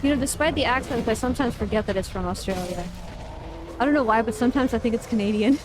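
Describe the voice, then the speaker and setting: Excitable young woman streaming a game. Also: fairly high pitch, fast talker, music in the background, poor audio. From United States. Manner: excitable, squeals and exclaims at game events, then chats casually. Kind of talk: live gameplay commentary.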